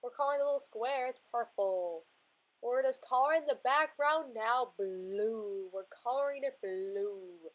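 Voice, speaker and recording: A woman with a fairly high voice talks through her coloring and drawing as she goes. Her narration is casual and chatty, and it rambles with frequent restarts. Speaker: art channel creator.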